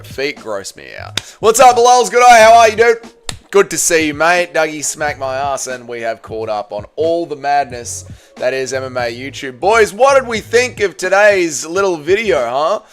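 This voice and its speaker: A hoarse man with an Australian accent hosting a casual livestream, reading viewer comments with loud, playful banter. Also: mid-range voice. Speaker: livestream host.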